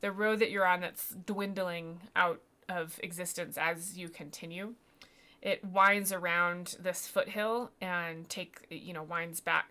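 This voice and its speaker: A woman's voice: fairly low pitch, bright, forceful tone. A woman narrating as game master of a tabletop game, rambling and self-deprecating, with many fillers and restarts.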